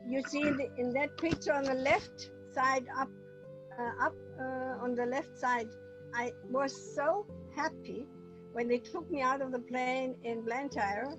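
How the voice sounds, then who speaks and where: A woman speaking English as a second language, giving a talk on a video call with hesitant pauses and restarts. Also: sits high, steady tone, muffled recording, over music. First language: not English. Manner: hesitant, apologetic, with many restarts. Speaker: guest speaker. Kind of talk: online talk.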